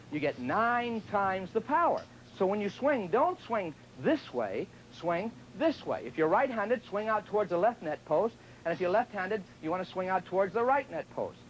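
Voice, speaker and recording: A man's voice: high-pitched, slight background noise, rough recording. A man teaching tennis on a TV show in a chatty, joking way, sometimes acting out what his students say. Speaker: tennis instructor. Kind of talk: televised tennis lesson.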